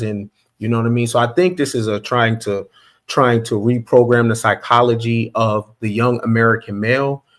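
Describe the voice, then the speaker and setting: A man's voice: medium pitch, fairly bright tone. A man on a panel debate who rambles and thinks aloud while making his point. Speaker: panel guest.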